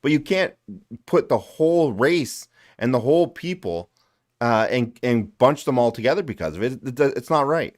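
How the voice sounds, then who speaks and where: A man's voice: medium pitch, animated, moderate pace. A man hosting a casual livestream, ranting with lots of swearing and repeated phrases. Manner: profane, ranting, repeats himself. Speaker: livestream host.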